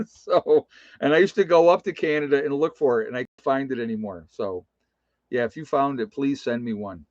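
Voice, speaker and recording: Relaxed man chatting on a dull stream. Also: medium pitch, normal speed, no room sound. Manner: reads viewer comments aloud, chuckles often. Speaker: livestream host. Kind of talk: casual livestream chat.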